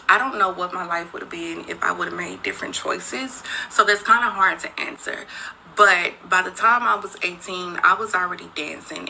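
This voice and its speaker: A woman's voice: mid-range voice, creaky, bright, forceful tone, slight background noise, poor audio. A woman in her thirties speaking candidly and emotionally to viewers in a confessional video, talking into a phone held close. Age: 30s. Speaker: social media poster.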